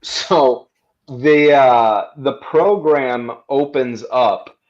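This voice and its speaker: A man narrating his character's actions in a tabletop role-playing stream, halting with many fillers and restarts. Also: medium pitch, a little mellow, muffled recording. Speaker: player.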